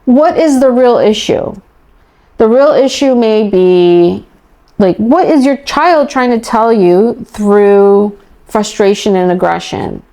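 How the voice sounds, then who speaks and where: A woman's voice: mid-range voice, takes it slowly, mellow. A woman parent coach answering podcast interview questions in an emphatic, enthusiastic way, often acting out what parents and children say.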